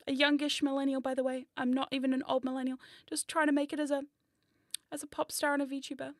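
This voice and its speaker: A woman's voice: sits high, little pitch movement, fast talker, dry recording, clean studio sound. A woman, chatting casually on a livestream as a VTuber, rambling, swearing and mocking herself with frequent laughs. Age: 30s. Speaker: VTuber streamer.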